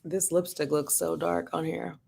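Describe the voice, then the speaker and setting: Brief: relaxed woman on a home livestream, slightly low pitch, chatty and easygoing, laughs easily. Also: moderate pace, vocal fry, husky. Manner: chatty and laid-back, laughs often, greets viewers by name. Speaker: vlogger hosting a livestream. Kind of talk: casual livestream chat greeting viewers.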